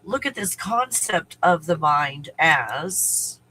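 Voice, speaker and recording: A man's voice: fairly high pitch, lively intonation, takes it slowly, sharp tone, slightly rough, rough recording. A man hosting a casual spiritual live stream, rambling and restarting his thoughts, now and then breaking off to talk to his dog. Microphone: live stream microphone at home.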